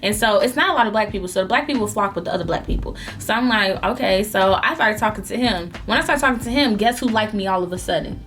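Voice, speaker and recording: A young woman vlogger telling a story in an animated, melodramatic way while eating, in a casual storytime chat. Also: medium pitch, fast, few pauses, slight background noise.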